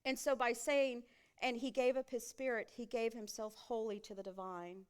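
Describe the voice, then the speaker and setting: A woman pastor delivers a sermon from the pulpit of a church sanctuary. Her voice sits fairly high and is smooth and resonant. She keeps checking in with the congregation through rhetorical questions. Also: steady tone, moderate pace.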